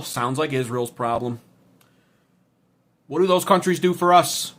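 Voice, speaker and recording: Speaking at an unhurried pace in a fairly bright, mid-range voice, an American man hosts a political livestream, reading chat and ranting with profanity, sarcasm, and heat.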